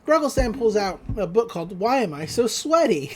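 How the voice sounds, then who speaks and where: Animated podcast host recapping a cartoon. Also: mid-range voice, moderate pace, background noise. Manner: animated, laughs often, acts out quotes. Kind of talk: casual episode recap.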